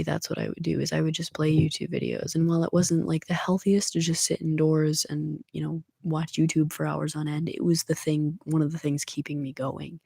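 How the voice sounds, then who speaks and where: Young adult ASMR streamer: dark, husky, soft-spoken, whispery chat. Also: medium pitch, no echo, clean studio sound. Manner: soft-spoken, drifting in and out of whispers, rambling and emotional. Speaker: ASMR livestreamer. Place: small room at home.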